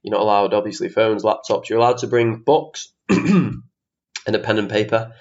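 A man's voice: lowish voice, moderate pace, a little mellow. Ranty man, slightly lo-fi. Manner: chatty, ranty, swears casually, self-mocking. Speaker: podcast host. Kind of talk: casual solo podcast monologue. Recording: slightly dull lo-fi podcast audio.

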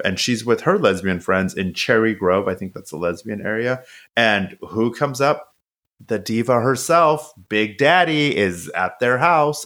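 A man co-hosting a podcast, recapping a show in casual chat, swearing freely and acting out the characters' lines. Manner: animated, profane, acts out quotes in high voices. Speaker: podcast co-host.

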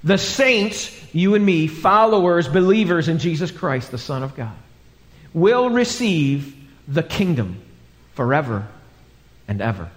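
In a church sanctuary, a male pastor preaches live, his fairly high voice very animated but a little slow. He tells a story dramatically, acting out its voices, and the hall gives the recording a long reverb.

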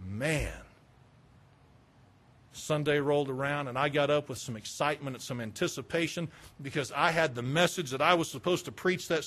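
Middle-aged Southern preacher, man, higher voice, frank and chatty from the pulpit. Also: fairly bright tone. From Southern United States. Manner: candid, conversational preaching with confessional asides. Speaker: pastor. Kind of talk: sermon.

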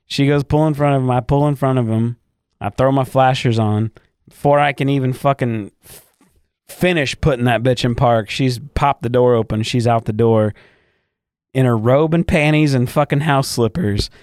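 Podcast co-host, man, mid pitch, swears a lot, dry booth sound. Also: normal speed, smooth, no room sound. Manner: profane, animated retelling with quoted voices. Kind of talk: crude casual storytelling.

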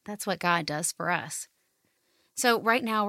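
A woman hosting a family devotional podcast, guiding listeners gently and reading scripture slowly and soothingly. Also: mid-range voice, animated, no room sound, studio quality. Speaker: podcast host.

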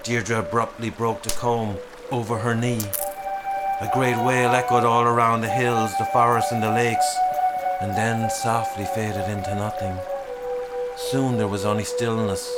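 A man reading a dark fairy tale aloud in a measured, dramatic storytelling style, with music behind him. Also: on the low side, level tone. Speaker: narrator. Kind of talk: storytelling narration.

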